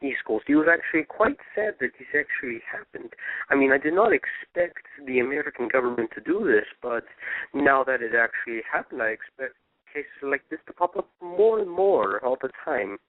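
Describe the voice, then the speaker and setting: A man's voice: mid-range voice, lively intonation, normal speed, no echo. A man calling into a radio show, speaking in an affected, put-on way. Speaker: caller. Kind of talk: call-in radio chat. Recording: dry, tinny phone line.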